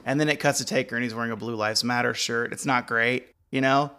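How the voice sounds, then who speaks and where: Bright-voiced joking man co-hosting. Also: medium pitch, fast talker, clean tone. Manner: joking, animated storyteller. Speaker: podcast co-host. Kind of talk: casual chat watching wrestling.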